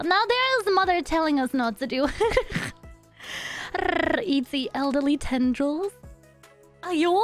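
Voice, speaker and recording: A woman's voice: very high voice, big pitch swings, a little slow, fairly bright tone, faint music behind. A woman streaming live, chatting casually with her viewers in a bubbly, silly way and humming nonsense syllables between remarks. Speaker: virtual streamer. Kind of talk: casual livestream chat with viewers.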